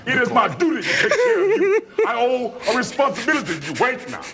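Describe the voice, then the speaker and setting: A man's voice: extremely high pitch, wildly swooping pitch, brisk, a crowd in the background, exaggerated voice. An actor playing a stern working father who lectures his son in a film drama, in a commanding way.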